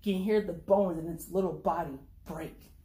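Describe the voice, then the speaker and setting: A woman reading her own dark short story aloud in the first person, in a brooding, conversational way. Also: lowish voice, moderate pace. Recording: echoey room.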